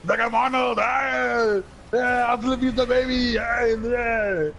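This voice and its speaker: A man putting on a loud, exaggerated impression of an Austrian action star, shouting in a high, blustering voice. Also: little pitch movement, slow pace, highs cut off, slight background noise, exaggerated voice.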